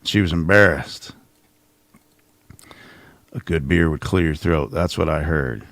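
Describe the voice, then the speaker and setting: A man's voice: very deep voice, unhurried, gravelly, fairly bright tone, no room sound. A middle-aged man hosting a casual livestream, rambling and sarcastic as he mocks someone from his home office. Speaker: channel host.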